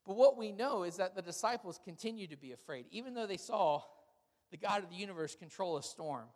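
Pastor guy preaching, high voice, funny animated storytelling, long echo like a big hall. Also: brisk. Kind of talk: sermon.

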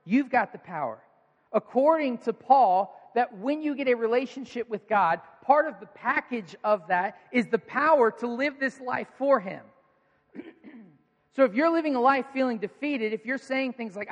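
A man with a notably high voice preaches a sermon, rousing and playful as he pushes his listeners to answer back. His words ring out with a long reverb, like a big church hall. The delivery is energetic and coaxing. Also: normal speed. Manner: energetic, coaxes the congregation into call-and-response. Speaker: pastor.

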